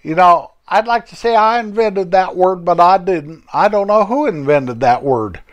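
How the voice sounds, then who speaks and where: A man's voice: high voice, normal speed, muffled recording, close to an everyday voice. A man voicing a chatty, jokey old country man who rambles in a homespun way. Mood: folksy. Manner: rambling, homespun, self-correcting.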